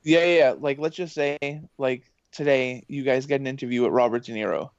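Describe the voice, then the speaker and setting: A man talking as a podcast guest in a casual, excitable, rambling way, full of fillers. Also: mid-range voice, a little fast, clean tone, no echo. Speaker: podcast guest, professor and voice actor. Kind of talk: casual interview chat. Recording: dull lo-fi dry sound.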